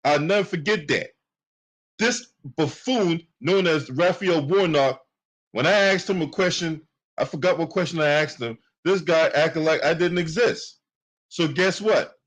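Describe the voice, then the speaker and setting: Male commentary host, AAVE speech, heated profane rant, slightly higher-pitched voice. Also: moderate pace, a bit bright. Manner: heated, profane, repetitive ranting. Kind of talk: angry political commentary.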